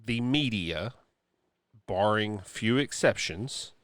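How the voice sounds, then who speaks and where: A man's voice: on the low side, lively intonation, takes it slowly, fairly bright tone, dry recording. A man co-hosting a casual podcast, giving emphatic, opinionated rants with many fillers and restarts. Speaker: podcast co-host. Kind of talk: casual political chat.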